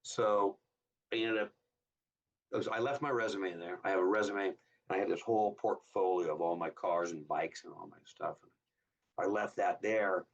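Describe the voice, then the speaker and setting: Husky-voiced man in his fifties telling stories. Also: low-pitched, moderate pace. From Southern California. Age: 50s. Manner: animated storyteller who acts out quoted dialogue in a raised voice. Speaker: guest, hot rod builder. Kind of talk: casual interview storytelling. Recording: slightly distant, dull lo-fi sound.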